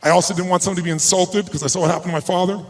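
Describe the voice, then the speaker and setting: A man's voice: high voice, steady tone, very fast. A man giving a motivational speech at an event, telling an emotional personal story with emphatic delivery. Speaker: motivational speaker. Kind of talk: speech to a live audience. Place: event stage.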